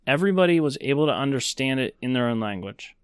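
A man's voice: mid-range voice, lively intonation, fast talker, clean tone, no echo, clean studio sound. A man co-hosting a podcast, chatting casually and rambling with lots of fillers. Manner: rambling, conversational, many fillers. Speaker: podcast co-host.

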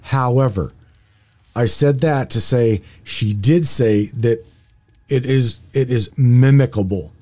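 A man's voice: mid-range voice, takes it slowly, mellow. A man hosting a casual open-line call-in show, stumbling over his words and often restarting. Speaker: radio call-in host.

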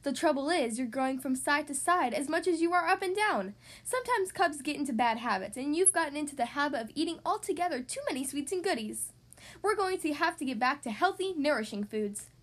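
A woman's voice: sits high, animated, brisk. A woman voicing a firm, no-nonsense mother bear in a storybook reading, matter-of-fact.

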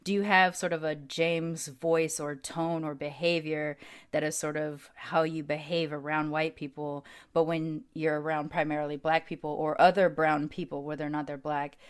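A woman from the United States speaks in a low voice, reflecting and thinking aloud, with fillers scattered through her sentences. She is talking over a video call as a podcast guest. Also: level tone, moderate pace, clean tone. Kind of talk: casual conversation.

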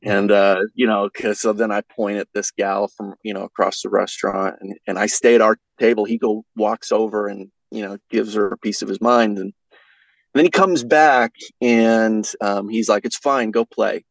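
A man's voice: lowish voice, fairly even intonation, moderate pace, creaky, no room sound, rough recording. A man guesting on a podcast, telling a folksy, rambling story in casual chat with lots of fillers.

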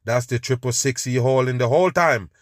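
A man's voice: mid-range voice, brisk, a little hiss or hum. A man, hosting a podcast and ranting with scorn over video clips, calling his listeners "people" again and again. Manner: scornful, preachy, repeats "people". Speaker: podcast host reacting to clips.

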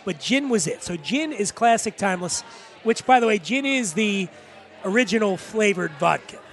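A man co-hosting a casual podcast chat, animated and laughing as he explains with punchy asides. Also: high voice, moderate pace. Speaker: podcast co-host, spirits expert.

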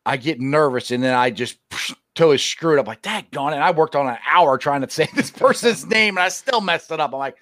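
A man hosting a casual sports talk show, animated and quick to laugh at himself. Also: on the high side, dry recording, clean studio sound. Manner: animated, laughs often, self-deprecating.

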